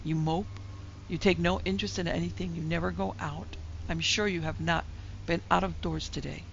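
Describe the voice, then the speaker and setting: A woman's voice: fairly low pitch, fairly even intonation, normal speed, creaky, a little hiss or hum. A woman reading the part of a brusque, blunt young woman who scolds her friend impatiently, in a dull lo-fi recording. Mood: scolding.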